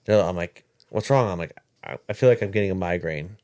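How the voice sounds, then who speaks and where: A man in casual podcast chat, telling a story in halting bursts with frequent restarts and repeated words. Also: sits low, darkish tone.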